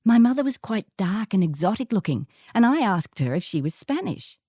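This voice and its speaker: An older woman with an Australian accent reading her own life story aloud, measured and reflective. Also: medium pitch, sing-song, warm tone, slightly rough, dry recording, studio quality. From Northern England, raised in Queensland. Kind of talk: first-person story reading.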